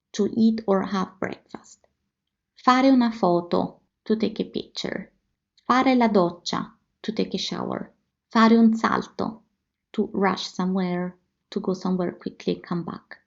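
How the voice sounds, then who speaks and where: A woman with an Italian accent teaching a language lesson, repeating phrases slowly and carefully for learners. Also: mid-range voice, vocal fry. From Italy. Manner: slow, careful repetition for learners. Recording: slightly dull lo-fi audio.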